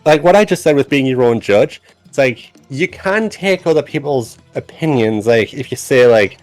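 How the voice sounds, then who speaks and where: A man's voice: medium pitch, expressive, normal speed, darkish tone, no room sound, soft background music. A man who works as a voice actor, chatting casually and rambling with restarts on a development stream. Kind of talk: casual chat on a dev stream.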